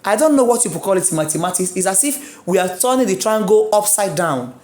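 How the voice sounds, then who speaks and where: Lively woman teacher drilling word stress. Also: mid-range voice, roomy sound. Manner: drills example words slowly, coaxing questions to the viewer. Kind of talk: exam-prep English lesson.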